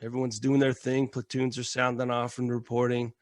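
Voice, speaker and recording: A man from the United States, a military veteran and podcast guest, telling stories in a casual, animated way, acting out quotes and swearing freely. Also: medium pitch, brisk, no room sound, clean studio sound. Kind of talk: casual storytelling.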